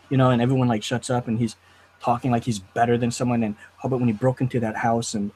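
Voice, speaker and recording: A man hosting a casual review chat, talking in an animated, riled-up way. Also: medium pitch, fast talker, a little hiss or hum. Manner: animated, riled up, quotes lines in put-on voices. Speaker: host.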